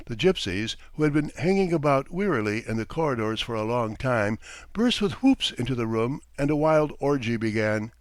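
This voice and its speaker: A man narrating a classic short story as an audiobook reader, in an even, unhurried way. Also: mid-range voice, dry recording. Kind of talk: scripted narration.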